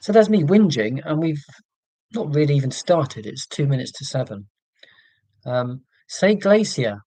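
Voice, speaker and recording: A man's voice: on the high side, very animated, normal speed, warm tone, dry recording, poor audio. A man with an English received pronunciation accent, hosting a casual livestream and chatting with viewers, with frequent ums. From England. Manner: chatty, reads and answers live chat, many ums. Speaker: livestream host. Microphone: computer mic.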